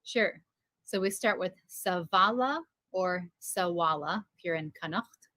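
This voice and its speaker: A woman co-teaching a beginner lesson, reading story lines and phrases aloud in a clear, measured way. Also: on the low side, no room sound.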